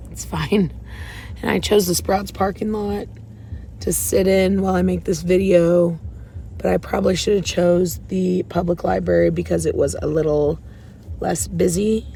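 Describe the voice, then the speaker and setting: A woman with a low, gravelly voice talks from her parked car with faint outdoor sound around her. She rambles in a candid, open way, sharing feelings and faith with her viewers. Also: mellow, slight background noise. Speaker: faith vlogger. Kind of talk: casual confessional vlog. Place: parked car in a store parking lot.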